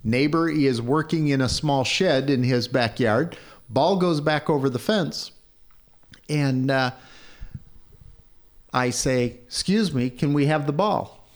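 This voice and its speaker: Middle-aged man telling a story, animated. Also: slow pace, long pauses. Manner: animated when quoting, raises pitch for dialogue. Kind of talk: storytelling in casual chat.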